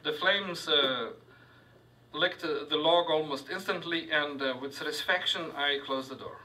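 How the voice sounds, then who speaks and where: Man, live fiction reading, halting with fillers, bright voice, distant mic. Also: a little high. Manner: halting, many filler sounds, asides to the audience. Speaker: author reading his fiction. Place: university reading hall with audience.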